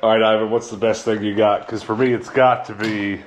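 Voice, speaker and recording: A man's voice: fairly low pitch, level tone, brisk. A man chatting casually as a vlogger, showing off his thrift store finds with enthusiasm. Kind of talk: casual chat. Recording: echoey room with clear background noise.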